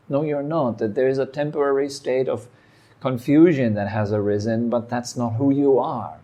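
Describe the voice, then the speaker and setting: Calm, mellow-voiced male meditation teacher. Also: medium pitch. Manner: calm, reflective, speaks in short phrases with pauses. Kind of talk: dharma talk. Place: meditation hall.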